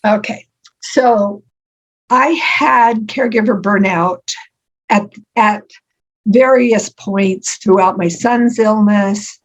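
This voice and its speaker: An older woman being interviewed as an author, telling stories warmly with frequent ums and laughs. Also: mid-range voice, slow pace, poor audio. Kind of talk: conversational interview.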